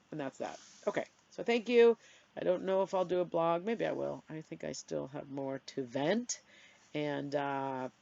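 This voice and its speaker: A woman's voice: creaky, dark tone. Tearful middle-aged woman venting on camera. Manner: emotional, venting, self-deprecating with sudden high outbursts. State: tearful, blowing her nose. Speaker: vlogger. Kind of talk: candid personal vlog. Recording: dry, dull lo-fi sound.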